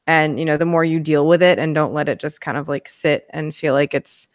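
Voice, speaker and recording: A woman speaks earnestly and encouragingly in a casual online discussion. Her voice is a little low, and the recording is dry and close. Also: little pitch movement, brisk, no echo.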